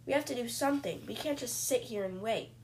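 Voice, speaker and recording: A woman's voice: fairly high pitch, brisk, darkish tone, slight background noise, pitched above the performer's own voice, lightly acted, low-quality recording. A woman voicing an angry, trapped male harpooner who pleads urgently.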